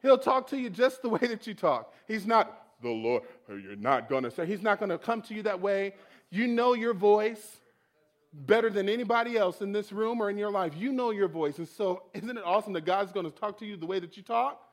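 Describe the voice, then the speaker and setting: A man with a high voice preaches to a congregation, telling his own story. His delivery is animated, and he acts out his prayers as if they are happening again. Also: fairly quick. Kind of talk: sermon testimony.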